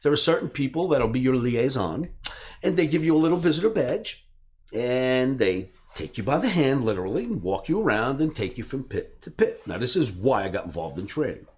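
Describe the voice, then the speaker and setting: A trading educator in his sixties tells a personal story with animation, bursting into shouts as he acts out scenes. His voice is medium-pitched, and he speaks a little fast.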